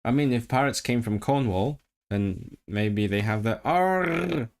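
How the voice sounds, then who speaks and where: A man's voice: lowish voice, moderate pace, darkish tone, smooth. A man casually chatting on a language-learning livestream, musing aloud, answering chat and practising rolled R sounds.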